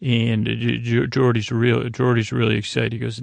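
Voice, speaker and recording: A man's voice: medium pitch, monotone, moderate pace, gravelly, no echo. A man hosting a podcast, casually recapping an episode, rambling with fillers and quoting characters. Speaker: podcast host.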